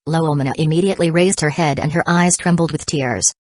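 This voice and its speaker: A woman reads a novel aloud in a plain, even narration. Her voice sits low, and the dry recording has no room echo at all. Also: quick pace. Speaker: audiobook narrator. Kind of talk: scripted narration.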